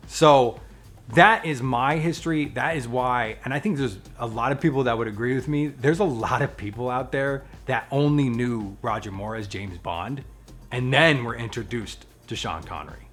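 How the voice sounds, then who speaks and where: A man chatting on his own vlog in a relaxed, conversational way. His voice sits at an ordinary middle pitch and he talks with playful, animated energy, teasing his own firm opinions. Soft music plays faintly behind him. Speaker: vlogger and channel host.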